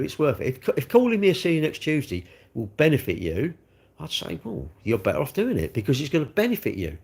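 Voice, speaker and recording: A middle-aged man, chatting loosely on a livestream and talking straight to his viewers. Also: mid-range voice. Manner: rambling, talks straight to viewers. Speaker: livestream host. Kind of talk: casual chat.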